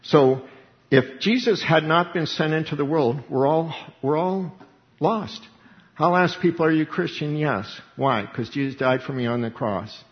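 A man's voice: fairly high pitch, moderate pace, muffled recording. Guy preaching hard, repeats words for punch, echoey church sound. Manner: emphatic, repeats key words, acts out dialogues. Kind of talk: sermon.

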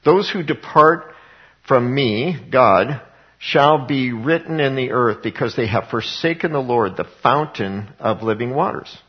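A man's voice: mid-range voice, measured pace, slightly rough, highs cut off. A man preaching a sermon, reading scripture aloud and explaining it in a conversational way, with frequent fillers and repeated words, rising to emphatic passages.

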